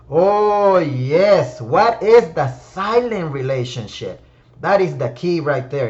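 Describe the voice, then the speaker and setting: This man hosts a word-of-the-week discussion room, giving a motivational talk that's reflective and emphatic as he addresses listeners by name. His voice is fairly high, and the recording has its highs cut off.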